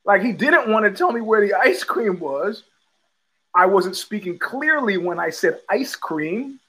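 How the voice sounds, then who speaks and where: A man's voice: high-pitched, expressive, a little slow, sharp tone, slightly rough, poor audio. An older man hosting a podcast, telling a rambling story with many fillers and restarts, acting out the people he quotes. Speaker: podcast host. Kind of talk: casual storytelling monologue.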